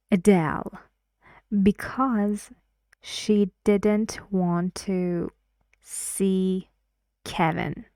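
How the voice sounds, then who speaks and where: A woman teaching English pronunciation, slowly repeating words clearly for learners. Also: mid-range voice, mellow, no room sound, clean studio sound. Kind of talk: slow pronunciation lesson with drills.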